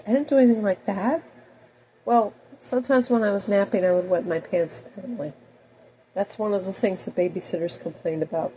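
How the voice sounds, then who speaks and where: A woman in her fifties with a cold, talking in a rambling personal monologue that swings between loud outbursts and soft mutters. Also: mid-range voice, normal speed, a little hiss or hum, poor audio. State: has a cold. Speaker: video blogger.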